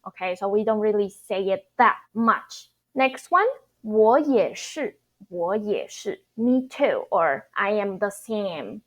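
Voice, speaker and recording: A young woman, a native Mandarin speaker, giving a casual online language lesson, explaining slowly with fillers and repeating phrases for practice. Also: medium pitch. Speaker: language teacher.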